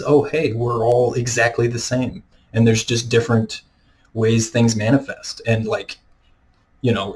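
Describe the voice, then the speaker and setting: Guy ranting at his camera, rambling, lots of "you know", mid-pitched voice. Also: a little mellow, rough recording. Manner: rambling, many fillers and restarts. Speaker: video creator. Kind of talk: unscripted rant to camera. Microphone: camera mic, self-filmed.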